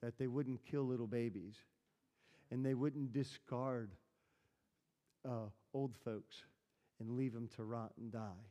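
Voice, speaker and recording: A man's voice: medium pitch, fairly even intonation, slow, long pauses, warm tone. A man preaching a conversational sermon, telling stories and asking the congregation questions. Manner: chatty, storytelling, asks the room questions. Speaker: pastor. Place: church hall. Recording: reverberant church hall.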